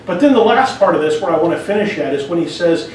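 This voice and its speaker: A man with a fairly high, animated voice preaches a sermon at a quick pace, earnest and conversational, often pausing to restart a phrase. The church sanctuary recording is taken from a distance, so heavy echo fills the sound over a faint layer of noise.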